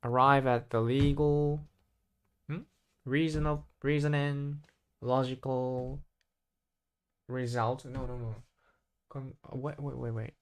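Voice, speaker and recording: A man practicing vocabulary on his own, thinking aloud in a hesitant, halting way and correcting himself as he goes. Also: mid-range voice, steady tone, clear, resonant tone. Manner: hesitant, halting, constantly restarting and self-correcting. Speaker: English learner.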